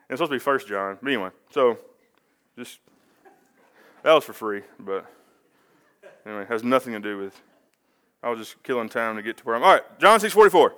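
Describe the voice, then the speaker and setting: A man's voice: medium pitch, animated, a little fast, pauses often, fairly bright tone. A man preaching a casual sermon, talking conversationally with rambling asides and self-corrections.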